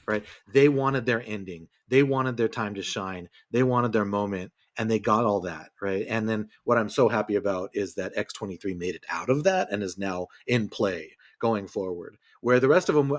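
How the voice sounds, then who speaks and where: A man co-hosting a film review podcast, talking in an enthusiastic, animated way about a movie he loved. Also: on the low side, moderate pace, few pauses. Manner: enthusiastic, animated, mimics quotes. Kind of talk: casual film review chat.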